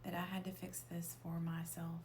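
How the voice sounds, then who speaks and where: A woman telling a personal story in a confessional way, emotional, often dropping into a hushed whisper and swearing for emphasis. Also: lowish voice, completely flat delivery, normal speed, slight background noise. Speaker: storyteller sharing a personal experience.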